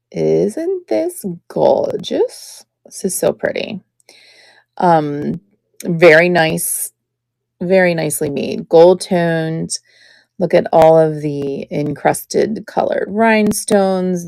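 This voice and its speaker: A middle-aged woman hosts a live jewelry sale, chatty and admiring as she shows each piece. Her voice sits low, with a gravelly fry at phrase ends, and she takes her time. The sound is close and dry. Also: darkish tone, no room sound. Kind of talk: live-stream sales chat.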